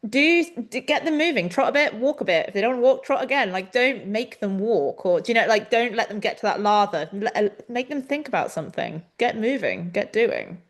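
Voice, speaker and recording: A young adult woman co-hosting a webinar, coaching riders in a chatty, animated way over a video call. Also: a little high, a little fast, few pauses. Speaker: riding coach and webinar co-host. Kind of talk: casual instructional chat.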